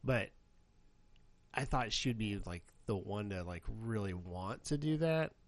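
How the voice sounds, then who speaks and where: A middle-aged man co-hosting a casual comedy podcast, telling stories that turn loud and high-pitched when he gets animated. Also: measured pace. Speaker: podcast co-host.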